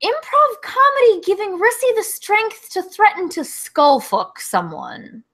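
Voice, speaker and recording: High, lively, unhurried woman co-host. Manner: incredulous, quick to react. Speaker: comedy podcast co-host. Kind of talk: casual chat.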